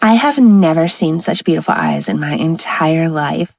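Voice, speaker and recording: A woman voicing a cheery, curious young wife with a bright, eager manner in a romance audiobook. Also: deep voice, sing-song, normal speed, no echo, full character voice.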